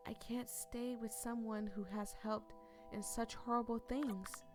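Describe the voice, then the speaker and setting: A woman voicing a sweet, gentle young man in a game, speaking softly and apologetically. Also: on the high side, flat delivery, unhurried, music in the background, pitched above the performer's own voice, lightly acted. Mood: pained. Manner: soft, apologetic, earnest.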